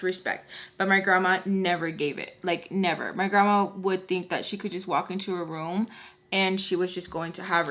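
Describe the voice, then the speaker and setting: A woman in her twenties telling a personal story to her viewers, animated and frank with casual slang. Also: medium pitch. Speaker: storytime vlogger.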